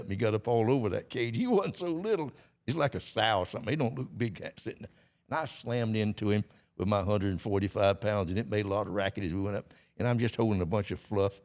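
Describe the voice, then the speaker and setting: A man's voice: fairly low pitch, fast, a little mellow. A man, telling a story as a podcast guest in a folksy, laughing way. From Georgia, USA. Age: 80s. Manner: folksy, laughing often, plain rural grammar. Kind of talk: storytelling in a casual interview.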